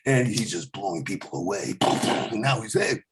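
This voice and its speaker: A stand-up comedian telling a rambling story, often restarting sentences and slipping into quick celebrity impressions. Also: male voice, on the low side, animated. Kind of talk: animated storytelling.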